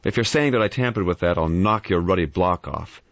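A man voicing a blunt, hot-tempered middle-aged man in an audiobook, gruff and confrontational. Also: deep voice, sing-song, fairly quick, no echo, muffled recording, voice pushed up, exaggerated voice. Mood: angry.

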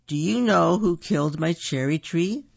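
A man's voice: a little high, vocal fry, no echo, exaggerated voice. A man reading aloud, voicing a stern but loving father from colonial times, with a slightly raised, firm voice on a dull, dry recording. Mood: angry. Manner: stern, measured.

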